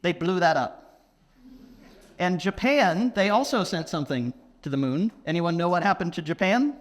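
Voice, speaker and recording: A man giving a conference keynote, playfully quizzing the audience and speaking slowly and deliberately. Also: high voice, expressive. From England. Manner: playful, quizzes the audience, slow deliberate phrasing for non-native listeners. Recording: long hall reverb.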